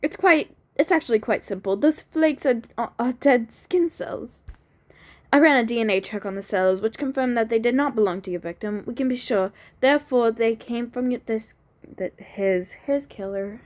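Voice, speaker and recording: A woman's voice: a little high, moderate pace, darkish tone, close to an everyday voice. A woman voicing a genteel older male lab expert in a detective game, mildly chiding as he explains results. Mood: explaining.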